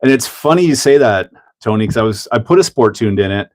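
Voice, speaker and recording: A man's voice: medium pitch, lively intonation, fast. A man hosting a casual hobby livestream, chatting and laughing while he builds a model car and greets viewers by name. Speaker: livestream host.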